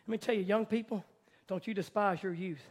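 A man pastor preaching a sermon, moving from hushed, tender passages to loud, rising fervor. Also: high-pitched, brisk, slightly rough.

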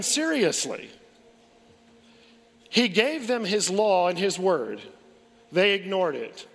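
A pastor preaching a forceful sermon with a high, ringing voice. He presses rhetorical question after question and often repeats words as he builds momentum. A long reverb trails every line.

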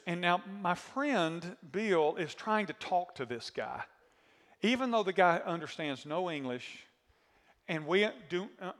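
Man, pastor's sermon, high voice, long hall reverb, animated storytelling. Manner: animated storyteller, asks the congregation questions. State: voice worn from screaming.

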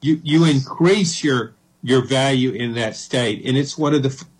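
Husky-voiced male radio co-host. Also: medium pitch, moderate pace, poor audio. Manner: persistent, debating. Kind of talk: call-in sports talk radio.

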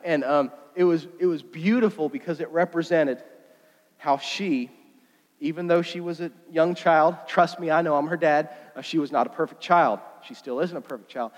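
A middle-aged male pastor preaching a sermon, animated and storytelling, often breaking off with fillers. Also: a little high, normal speed. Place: church sanctuary. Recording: long hall reverb.

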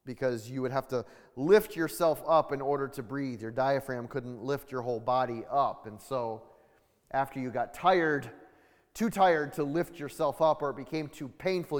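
Casting: male preacher, measured sermon delivery, slow, lingering hall reverb. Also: medium pitch. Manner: deliberate, measured teaching with repeated words and restarts. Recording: long reverb of a large hall.

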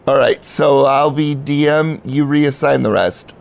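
A man's voice: mid-range voice, measured pace, creaky. A drunk man running an improvised tabletop game as game master, rambling loosely with lots of fillers.

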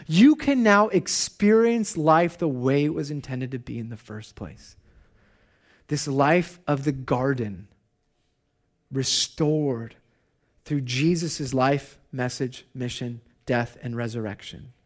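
A man in his thirties, a pastor, giving a conversational sermon and telling personal stories in an animated way. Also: mid-range voice, takes it slowly.

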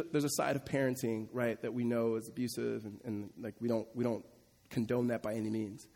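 Animated, conversational male preacher. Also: fairly high pitch. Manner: animated, conversational, acts out quotes. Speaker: pastor. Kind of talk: sermon. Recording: long hall reverb.

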